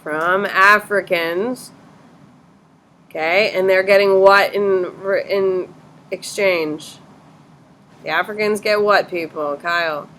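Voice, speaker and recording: A woman teacher in a classroom, questioning students briskly and bluntly correcting their answers. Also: mid-range voice, steady tone, a bit bright, slight background noise.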